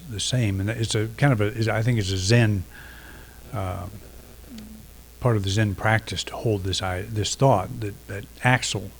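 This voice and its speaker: A middle-aged man giving a reflective sermon, unhurried, pausing often and restarting phrases. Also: fairly low pitch. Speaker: minister.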